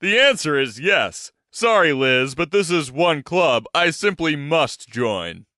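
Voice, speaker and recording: Man voicing a self-assured cheerful adventurer, animated delivery, dry close sound, audiobook. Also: fairly high pitch, slow, no echo, full character voice. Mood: calm, upbeat.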